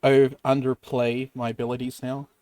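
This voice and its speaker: A man's voice: mid-range voice, level tone, moderate pace, a little mellow, smooth, no room sound. A man playing a tabletop game, playfully mixing his character's moves with in-character lines. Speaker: player.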